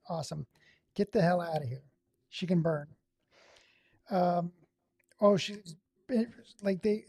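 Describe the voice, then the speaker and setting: A man's voice: sits high, gravelly, darkish tone, slightly rough, no echo. A man from Oregon hosting a live stream, giving sarcastic, exasperated running commentary. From Oregon, USA. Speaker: livestream host.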